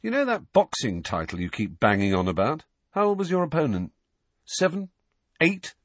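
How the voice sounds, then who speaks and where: Storybook casting: a husky, mocking teenage boy with a sharp tongue, as a man puts him on, pitched up high. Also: wildly swooping pitch, moderate pace, no room sound. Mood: sarcastic. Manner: mocking, sarcastic.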